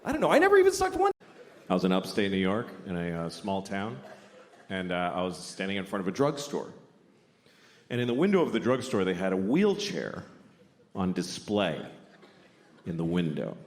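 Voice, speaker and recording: Animated, rambling stand-up comedian, a man. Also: sits low, normal speed, long pauses. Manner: rambling, self-deprecating, profane. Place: comedy stage before a live audience. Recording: echoey hall with audience noise.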